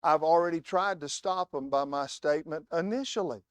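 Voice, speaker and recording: A man delivers a sermon as a guest preacher, pressing his points with emphatic stress and spinning anecdotes in a storytelling manner. His voice sits a little high for a man. The sound is close and dry, with little room echo. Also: moderate pace, clear, resonant tone. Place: church.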